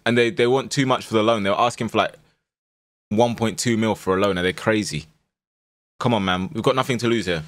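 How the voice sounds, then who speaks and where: A young man streaming a football management game, shouting at his players and then dropping to low mutters. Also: a little fast, no echo. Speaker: gaming streamer. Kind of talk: live game commentary.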